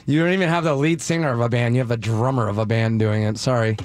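A fast-talking man with a mid-range voice and fairly even intonation fills in as a radio host in the studio. Into the studio mic, he rambles through casual banter, self-deprecating and jokey.

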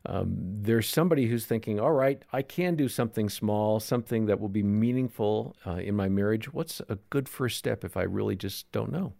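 A man hosting a talk show, asking questions in a measured, warm-hearted way. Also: fairly low pitch, vocal fry, no room sound, clean studio sound. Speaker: host. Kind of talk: interview hosting.

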